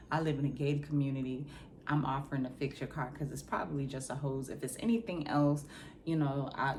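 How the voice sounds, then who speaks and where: A woman voicing an easygoing male mechanic who is a helpful stranger, relaxed and reassuring in laid-back slang. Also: deep voice, slight background noise, close to an everyday voice.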